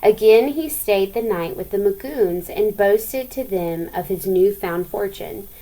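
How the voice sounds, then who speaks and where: A woman's voice: mid-range voice, unhurried, dark tone, poor audio. Woman teacher reading a story aloud. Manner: chatty, asks the listeners questions.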